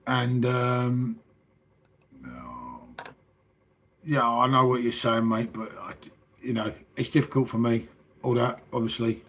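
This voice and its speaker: Husky english guy chatting on his livestream, sweary, mate this mate that. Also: medium pitch, slow, pauses often, a bit bright. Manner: matey and sweary, calls everyone mate. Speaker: livestream host. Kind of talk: casual late-night livestream chat reading viewer comments.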